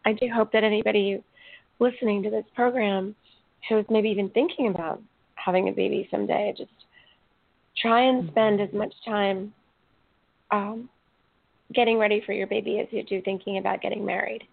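A woman hosts a casual interview, her voice thin and tinny as if coming down a phone line. She sounds dry and close, with a gravelly edge. She is openly emotional and rambles through filler words and restarts. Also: mid-range voice, fairly even intonation, normal speed, pauses often, no room sound. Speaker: podcast host. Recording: tinny call audio.

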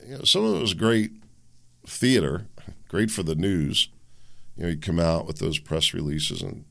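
A man's voice: low-pitched, vocal fry, a bit bright. A male radio show host giving rambling, conversational solo commentary and chuckling at his own remarks.

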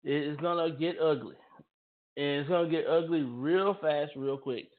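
A man's voice: on the high side, moderate pace. A man hosting a football talk radio show, speaking emphatically and often repeating and restarting his phrases. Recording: tinny phone-line audio.

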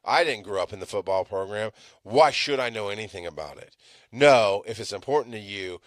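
A middle-aged man hosting a live podcast, ranting with lots of swearing, swinging from loud outbursts to low mutters. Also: lively intonation, a little fast, dry recording, studio quality. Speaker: podcast host.

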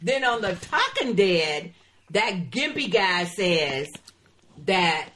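A woman's voice: medium pitch, very animated, slow pace, fairly bright tone. A woman co-hosting a podcast in casual chat, arguing her points emphatically and breaking into exclamations. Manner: emphatic, exclaims, argues back. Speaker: podcast co-host.

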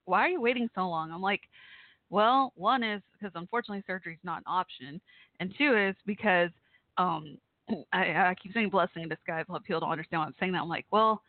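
A woman's voice: fairly low pitch, fast, dry recording. Texas woman, call-in host, rambling casual chat, dry tinny phone sound. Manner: rambling, chatty, laughs often. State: worried, holding back tears.

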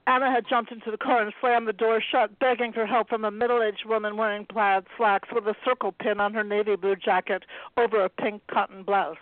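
A woman author reading a passage from her own novel aloud in a steady, even way. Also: medium pitch, fairly quick, dry recording. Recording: dry tinny phone-like line.

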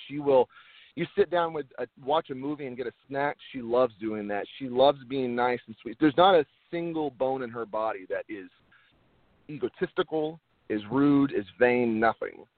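A man with a medium-pitched voice speaks at a moderate pace. He's an actor in an interview, talking earnestly and casually, and he often repeats words as he restarts. The dry recording sounds tinny, like a phone line.

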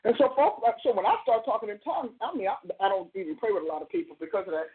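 A woman's voice: medium pitch, sing-song, very fast. A woman host preaching in a loose, conversational way, driving her points home by repeating phrases. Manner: emphatic, repeats phrases for stress. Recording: tinny phone-line sound.

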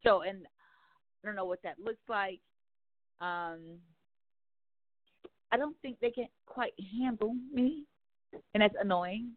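Woman, talk show guest, outgoing, outspoken, profane, mid pitch, dry, phone-like sound. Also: slow pace, long pauses, no echo. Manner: outgoing, outspoken, heavy cursing. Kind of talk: casual candid conversation.

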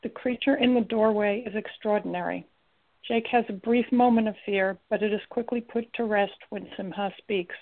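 Gravelly woman narrating, tinny sound. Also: medium pitch, fairly even intonation, moderate pace. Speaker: audiobook narrator. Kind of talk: scripted narration. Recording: tinny lo-fi recording.

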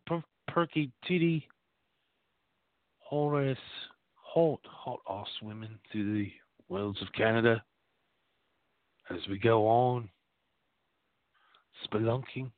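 A man's voice: medium pitch, dry recording. Man, radio host, crude rambling monologue, dry close sound, phone-like band. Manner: rambling, vulgar, mock-boastful.

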